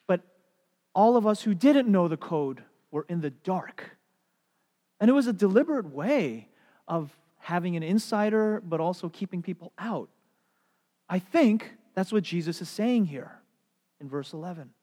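A middle-aged man preaching a sermon as a pastor, telling stories in an animated way and putting on playful voices. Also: high-pitched, a little slow. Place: church sanctuary. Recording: long hall reverb.

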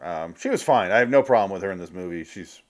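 A man's voice: low-pitched, expressive. A man co-hosting a movie podcast, chatting casually and jokingly acting out film lines. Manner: jokey, acts out movie lines in quick voices. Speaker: podcast co-host. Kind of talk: casual movie review chat.

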